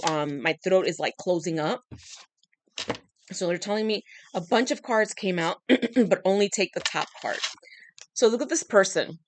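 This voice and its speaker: A woman with a lowish voice gives a channeled tarot reading, addressing the listener directly in an emphatic, coaxing manner. Her throat sounds dry, and there is no echo.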